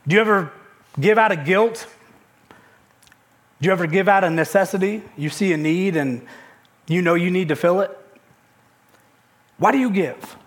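A man in his thirties preaching a sermon, telling a family story with quoted dialogue and often repeating words when he gets going. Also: high voice. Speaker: pastor.

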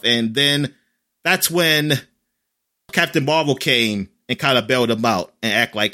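Rambling, bright-voiced man recapping a show. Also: medium pitch, normal speed. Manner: rambling, filler-heavy, animated in quoted lines. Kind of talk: casual chat recapping a show.

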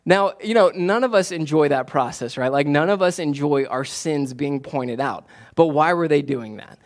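Man, 30s, pastor, sermon, conversational, repeats phrases, slightly high voice. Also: normal speed. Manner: conversational, repeats key phrases, animated when telling a story.

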